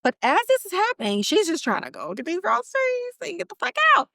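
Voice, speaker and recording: Animated woman recapping a TV episode. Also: extremely high pitch, fairly quick, gravelly, dry recording, clean studio sound. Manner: animated, slangy storytelling with laughs. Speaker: podcast host. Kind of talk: casual TV recap chat.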